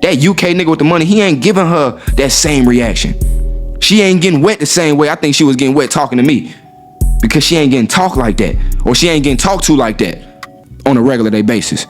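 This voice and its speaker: A man's voice: on the high side, lively intonation, fast, faint music behind. A man in a casual monologue to his viewers, brash, profane and swaggering, who acts out what others said. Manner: acts out quoted women in raised voice. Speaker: dating talk host.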